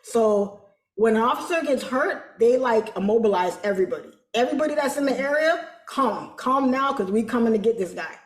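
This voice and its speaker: A woman telling a story as an interview guest, animated and colloquial, acting out quoted voices. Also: a little high, fairly quick, reverberant. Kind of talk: casual storytelling.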